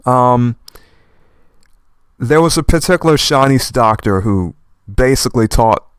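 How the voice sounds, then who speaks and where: A young man with a slight lisp rambling in animated commentary while reading a manga aloud, dropping in old-fashioned verb endings. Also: mid-range voice, smooth, no echo, studio quality. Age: young adult. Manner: animated, fast and passionate talker.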